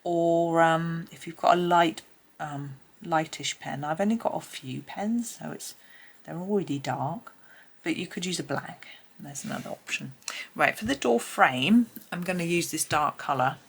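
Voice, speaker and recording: A woman's voice: deep voice, measured pace, vocal fry, breathy edge. A woman talking casually through a colouring tutorial as she works, thinking aloud and sometimes dropping to a murmur. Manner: chatty, thinks aloud, drops to a murmur now and then.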